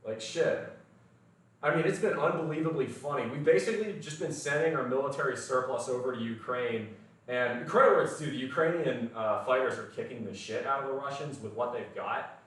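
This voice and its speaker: A man's voice: mid-range voice, brisk, fairly bright tone, distant mic. Blunt American man in an echoey room. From United States. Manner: blunt, opinionated, swears freely. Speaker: fitness livestream host. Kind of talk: casual livestream chat.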